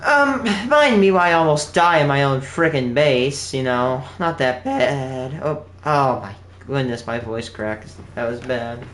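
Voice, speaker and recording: A man's voice: medium pitch, animated, measured pace, a bit bright. A young man streaming a game live, chatting to viewers in a casual, earnest, rambling way. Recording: echoey room with faint background hum.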